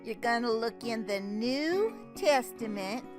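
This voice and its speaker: An older woman telling Bible stories to children in a folksy, chatty way, with fillers and lively exclamations. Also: fairly high pitch, slow, music in the background. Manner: animated, exclaiming. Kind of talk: storytelling to children.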